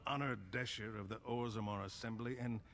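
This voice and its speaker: An actor playing a drunken, self-mocking dwarf noble in a video game, with a sardonic tavern drawl, heard distant in the game audio. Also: male voice, mid-range voice, fairly even intonation, brisk, close to an everyday voice. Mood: wry.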